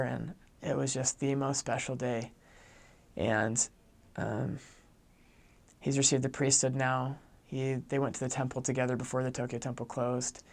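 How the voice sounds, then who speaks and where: A man's voice: medium pitch, level tone, normal speed, gravelly. A young man, a returned missionary, telling a personal story earnestly and acting out the dialogue of the people in it. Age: young adult. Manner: earnest, acts out quoted dialogue.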